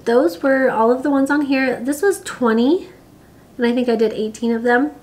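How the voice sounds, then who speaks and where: A woman's voice: high-pitched, steady tone, moderate pace, a little mellow, a little hiss or hum. Chatty, giggly young woman vlogging. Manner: chatty, giggly, many fillers. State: pregnant. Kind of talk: casual chat to camera.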